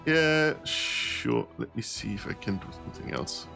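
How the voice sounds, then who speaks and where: A man's voice: fairly low pitch, huge pitch swings, measured pace, vocal fry, over music. A tired man streaming a role-playing game, thinking aloud as he sorts loot, often laughing. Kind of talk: casual gameplay commentary.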